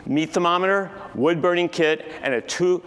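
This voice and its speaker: A man in his sixties giving a keynote talk, telling a family story with lively acted-out dialogue. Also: a little high, normal speed. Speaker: keynote speaker. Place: large conference hall. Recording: distant echoey hall with faint ambience.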